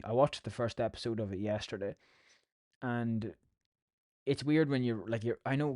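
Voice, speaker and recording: This is a young man with an Irish accent, talking casually into a podcast mic. His voice sits at an ordinary pitch and sounds dry and close, with no room echo. He swears freely and pokes fun at himself as he rambles. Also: darkish tone. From Ireland. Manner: swears a lot, chatty and self-mocking. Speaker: podcast host.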